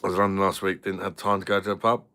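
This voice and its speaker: A man's voice: deep voice, flat delivery, quick pace, pushed and bright, clear, resonant tone. A man chatting crudely with viewers on a beer review livestream, swearing and laughing often. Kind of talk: casual livestream chat.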